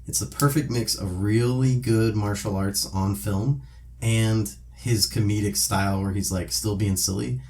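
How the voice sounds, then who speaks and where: A man's voice: on the low side, unhurried. A man co-hosting a casual podcast, talking through movie scenes with lots of fillers. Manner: animated retelling, many fillers. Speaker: podcast co-host. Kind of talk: casual chat.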